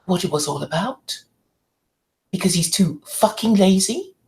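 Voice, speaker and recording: Slow, gravelly woman ranting angrily. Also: mid-range voice, lively intonation, a little mellow, rough recording. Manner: angry, indignant and profane. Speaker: channel host. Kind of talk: ranting monologue to camera.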